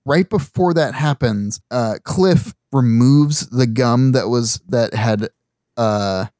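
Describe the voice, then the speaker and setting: A man's voice: medium pitch, slow, a little mellow, no echo. A man co-hosting a podcast, casually recapping movie plot points with easy laughs and fillers. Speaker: podcast co-host.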